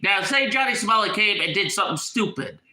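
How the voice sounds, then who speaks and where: Congested man ranting, bright and echoey. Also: high-pitched, expressive, quick pace. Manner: agitated, repeats and restarts words. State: congested, stuffy nose. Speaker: YouTuber. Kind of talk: casual ranting vlog.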